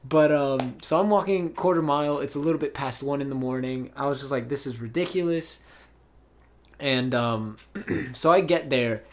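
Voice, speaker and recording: A man's voice: mid-range voice, moderate pace, slight background noise. A young man hosting a podcast, telling a long story in a casual, rambling way with many fillers and restarts. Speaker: podcast host. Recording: voice call.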